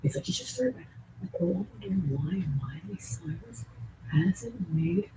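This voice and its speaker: A woman streamer rambling in a casual unscripted rant, swearing often and jumping between whispers and loud bursts. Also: lowish voice, lively intonation, moderate pace, noisy background.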